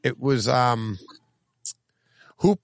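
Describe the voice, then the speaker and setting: A man chatting as a podcast co-host, his gravelly voice swinging widely as he teases and laughs. He often leaps into a high, excited register. The sound is close and dry. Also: very slow, dry recording. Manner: animated, laughing, jumps to a high teasing voice when excited. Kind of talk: casual chat.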